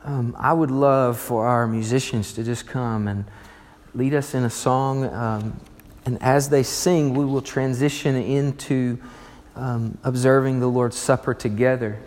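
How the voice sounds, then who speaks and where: Man, pastor, sermon, emphatic, loud-to-hushed swings, long hall reverb. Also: medium pitch, steady tone, measured pace.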